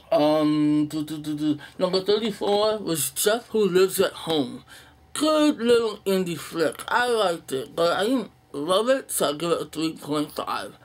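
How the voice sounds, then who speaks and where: A young man casually running through a list in an unedited video, blunt and profane, with sighs and halting fillers. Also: high-pitched. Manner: blunt, profane, dismissive opinions. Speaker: movie vlogger.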